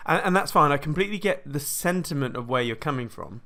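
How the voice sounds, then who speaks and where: Fast-talking and animated, with a slightly high, sharp-toned voice, a British man hosts a laid-back live crypto trading tutorial by screen share. He rambles, keeps correcting himself mid-sentence, and clears his throat often.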